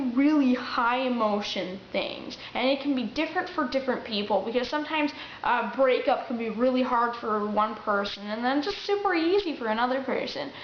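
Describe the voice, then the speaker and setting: Recorded on a camera mic in an echoey room, the audio is dull and lo-fi with a little hiss or hum. A young woman with a high-pitched voice chats casually as a vlogger offering acting tips, often restarting and acting out quotes.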